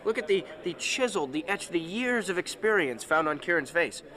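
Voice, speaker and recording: A man's voice: high-pitched, expressive, fairly quick, sharp tone. A man actor in a documentary interview, making wry jokes. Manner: joking, wry.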